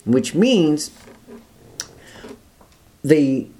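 A man teaching guitar rhythms, explaining step by step in a relaxed way and counting beats aloud. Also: fairly high pitch, drawn-out words, noisy background. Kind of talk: instructional talk with counting.

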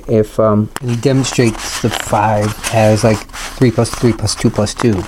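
A man's voice: fairly low pitch, little pitch movement, measured pace, background noise. Man scatting rhythms in a lesson. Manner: explains rhythms by scatting syllables. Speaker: music teacher. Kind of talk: casual music lesson with scatting.

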